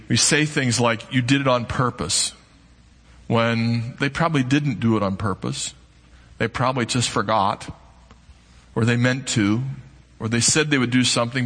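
Bright-voiced man preaching in a hall. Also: mid-range voice. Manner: earnest, emphatic preaching with dramatic pauses. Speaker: pastor. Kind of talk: sermon. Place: church sanctuary.

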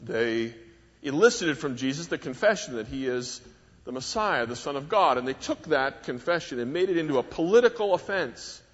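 A man preaching a sermon, measured and emphatic, leaning hard on key words with wide rises and drops in pitch and volume. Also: animated, breathy edge. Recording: dull lo-fi recording with long hall reverb.

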